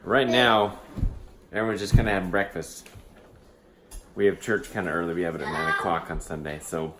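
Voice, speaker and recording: A man's voice: deep voice, a little fast. A man in his thirties, a father casually narrating a family vlog and talking with his kids as he films. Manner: relaxed, chatty, talking to kids while filming. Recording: noisy handheld camera audio.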